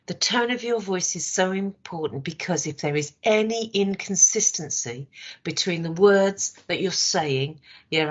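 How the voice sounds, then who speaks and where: Hoarse woman leading a training session. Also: on the low side. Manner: conversational, asks rhetorical checks. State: hoarse, voice worn. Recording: dull lo-fi recording.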